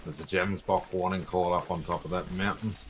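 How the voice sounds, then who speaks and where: A man playing along on a game stream, calmly calling out what he sees and shoots. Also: low-pitched, fairly quick, slight background noise. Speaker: co-player. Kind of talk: casual gameplay chat.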